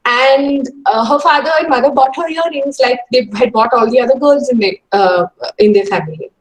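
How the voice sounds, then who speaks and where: A woman's voice: sits high, normal speed, low-quality recording. A woman giving an earnest, encouraging webinar talk to students over a video call, with many hesitations. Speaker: guest speaker.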